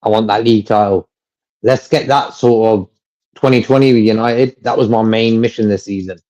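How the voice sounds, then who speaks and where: A man's voice: fairly low pitch, fairly even intonation, moderate pace, a little mellow, highs cut off. A man co-hosting a fan livestream in casual chat, rambling, repeating himself and laughing often.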